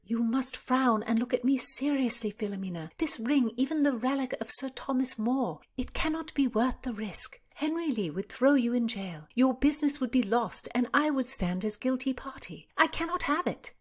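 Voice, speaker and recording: A woman's voice: lively intonation, normal speed, few pauses, breathy edge. A woman voicing a spirited young Tudor noblewoman, speaking emphatically and earnestly in an audiobook. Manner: emphatic, earnest, raised pitch.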